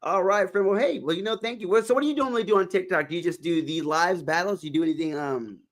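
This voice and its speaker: A man's voice: high voice, fast, fairly bright tone. Upbeat livestream host man from Texas. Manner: upbeat, repeats calls to tap the screen. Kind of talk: casual livestream chat.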